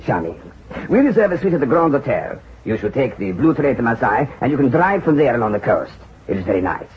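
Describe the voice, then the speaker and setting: An actor playing a flamboyant, smooth-talking financier in a vintage radio drama, expansive and persuasive. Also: male voice, medium pitch, fast talker, a little hiss or hum, close to an everyday voice. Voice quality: expansive, persuasive, lively intonation. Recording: dull old radio drama recording.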